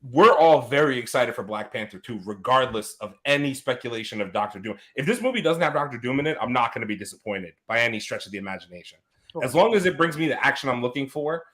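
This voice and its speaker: A man co-hosting a casual podcast. He talks in an animated, laughing way, and his voice is bright and swings through a wide pitch range. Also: fast. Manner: animated, laughs often, lively storytelling. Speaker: podcast co-host.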